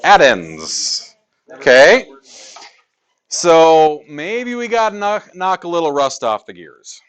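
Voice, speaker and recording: A man's voice: on the high side, animated, takes it slowly, clear, resonant tone. A male math teacher teaching a class in a classroom, joking with students and asking rhetorical questions.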